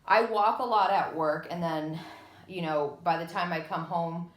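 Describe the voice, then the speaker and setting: A woman's voice: on the low side, a little slow. A young pregnant woman in her twenties, out of breath, ranting in a dramatic, sarcastic casual vlog. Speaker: vlogger. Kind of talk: candid casual vlog rant. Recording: echoey room.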